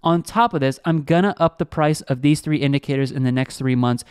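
Energetic young male vlog host, quick and clear, pitching trades with constant "guys". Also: dry recording, clean studio sound. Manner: energetic, hyped, repeats "guys" and "like". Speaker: crypto trading channel host. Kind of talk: screen-share trading vlog, salesy.

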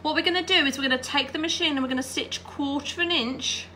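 A woman's voice: high voice, quick pace, pushed and bright, a little hiss or hum. A woman giving a chatty hands-on quilting tutorial while she irons and sews, often checking in with her viewers. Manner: chatty, checks in with "all right?". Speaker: quilting teacher.

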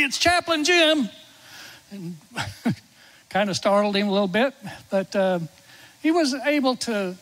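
A middle-aged man preaching in a church, his voice pitched high for a man. He tells a personal story from the pulpit and sinks to near-whispers when he recalls quiet moments at a bedside. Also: low-quality recording. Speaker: chaplain and preacher. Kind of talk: sermon storytelling. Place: church sanctuary.

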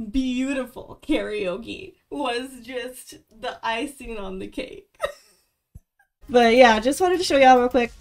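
A young woman streamer chatting casually with her viewers, giggling often. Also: fairly high pitch.

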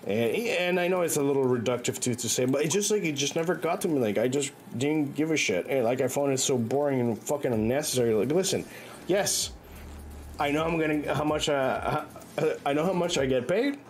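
A man's voice: on the high side, expressive, brisk, slight background noise. A man streaming a game and chatting loosely with viewers, swearing freely and rambling through frequent restarts and fillers. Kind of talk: casual stream chat. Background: faint music.

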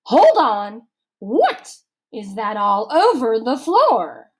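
A stern older camp director barks her questions slowly, each word stretched out. A woman puts her on as she reads a storybook aloud. The voice sits higher and louder than the reader's own. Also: huge pitch swings, full character voice. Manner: slow, loud, demanding.

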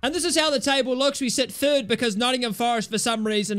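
A young man commentating his own football video game, cheering loudly at goals and swearing at his players. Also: very high-pitched, fairly even intonation, quick pace, clear, resonant tone, soft background music. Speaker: gaming YouTuber. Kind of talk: excited gameplay commentary.

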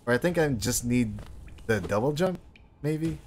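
A man streaming a game and chatting with a friend, his pitch sitting in an ordinary middle range. He talks in a loose, easygoing way, half to himself, with the odd curse thrown in. A faint hiss sits under his voice. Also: normal speed. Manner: relaxed, mumbling to himself, swears casually. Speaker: streamer host. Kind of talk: casual gameplay chat.

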